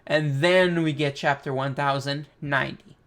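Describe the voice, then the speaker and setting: A man hosting a casual comic reaction, reading panels aloud and thinking out loud with excitement. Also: on the high side, moderate pace. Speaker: manga reaction host.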